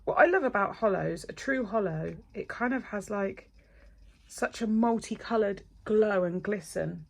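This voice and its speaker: Gushing woman with a gravelly edge. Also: medium pitch, unhurried. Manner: gushing, excitable, drops to breathy whispers. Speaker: nail technician. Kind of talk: casual unboxing chat.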